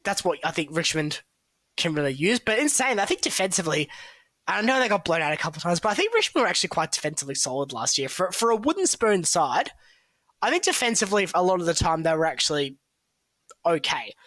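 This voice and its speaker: On a podcast, a man co-hosts as a football draft analyst, casually breaking down picks in a chatty, analytical way full of fillers and hedges. His voice sits high and sounds very animated and a bit bright, spoken at a quick pace in a dry recording.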